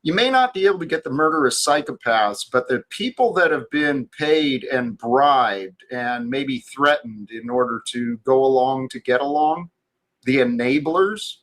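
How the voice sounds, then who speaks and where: Host: unhurried man, earnest, stops and restarts sentences mid-thought. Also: medium pitch, animated, a bit bright. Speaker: stream host. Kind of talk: casual talk stream.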